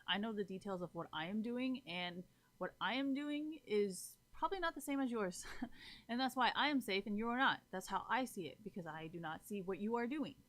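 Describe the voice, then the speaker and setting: A woman livestreams to her chat, talking bluntly, ranting, swearing freely, and constantly checking whether viewers are following along. Her voice is medium in pitch, animated, and fairly bright, and she talks a little fast.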